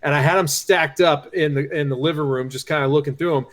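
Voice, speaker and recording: Slightly high-voiced chatty middle-aged man. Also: quick pace. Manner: chatty anecdote teller, relaxed. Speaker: podcast co-host. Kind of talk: casual chat.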